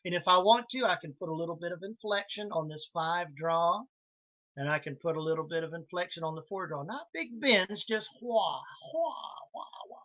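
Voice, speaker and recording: A man's voice: fairly high pitch, a little fast, sharp tone, highs cut off, faint music behind. A man teaching harmonica in a live online lesson, explaining licks step by step in a casual way and counting in the band. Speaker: harmonica instructor. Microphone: video call.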